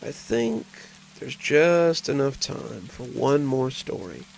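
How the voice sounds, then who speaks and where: An older man narrating cozy horror stories in a slow, intimate way. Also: medium pitch, sing-song, gravelly, a little hiss or hum, poor audio. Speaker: horror storyteller.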